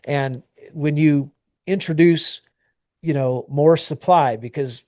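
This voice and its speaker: A man's voice: a little high, slow pace, a little mellow, dry recording. Man, agriculture show co-host, rambling plain talk, dry close sound. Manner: plainspoken, rambling with frequent fillers and restarts. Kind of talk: casual news discussion.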